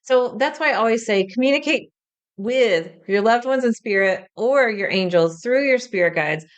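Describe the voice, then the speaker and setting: A woman's voice: on the high side, animated, normal speed, clean tone. A woman who works as a spiritual medium, hosting a podcast and explaining her practice in a chatty, frank way with casual swearing.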